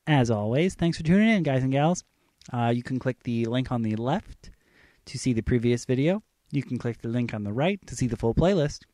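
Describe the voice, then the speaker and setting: A man's voice: medium pitch, expressive, normal speed, dark tone. A man hosting a storytelling vlog, chatty and exasperated as he tells a family story. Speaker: host.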